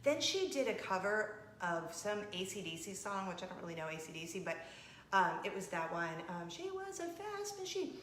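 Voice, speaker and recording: A woman's voice: on the low side, brisk, roomy sound, a little hiss or hum. A woman vlogger, chatting casually and playfully with her viewers. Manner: chatty and animated, with laughs and playful asides. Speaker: vlog host. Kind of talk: casual chat.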